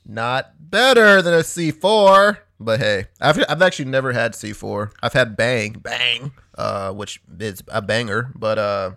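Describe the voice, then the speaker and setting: A man's voice: medium pitch, unhurried, few pauses, bright, forceful tone. A man co-hosting a podcast in casual chat, laughing often, teasing and swearing. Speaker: podcast co-host.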